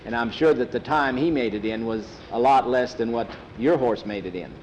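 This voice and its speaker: A man's voice: mid-range voice, normal speed, a little hiss or hum, close to an everyday voice, rough recording. A man voicing a patient old-hand horse trainer. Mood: instructive. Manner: steady, instructive. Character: patient grown man training a young rider.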